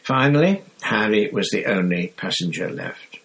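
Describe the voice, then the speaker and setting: A man narrating a novel aloud with a low, even voice. His reading is measured and steady, keeping the story moving. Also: vocal fry, poor audio. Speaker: audiobook reader. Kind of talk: scripted narration.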